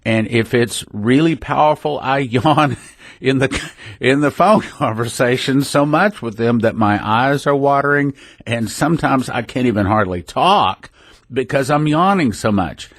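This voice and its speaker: A man's voice: mid-range voice, no echo. Folksy man, dry studio sound. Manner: folksy, rambling, self-interrupting. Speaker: radio ministry host. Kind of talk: casual religious radio talk. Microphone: studio microphone.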